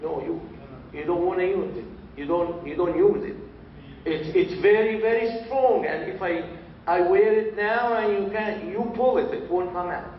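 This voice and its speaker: A man with a fairly high voice, teaching a mosque class, patient and repetitive. He is recorded from some way off in a roomy hall. The sound is dull, with a faint hiss behind him. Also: recorded from a distance. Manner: repeats phrases, restarts, slow deliberate teaching. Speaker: religious teacher. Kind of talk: instructional Q&A talk.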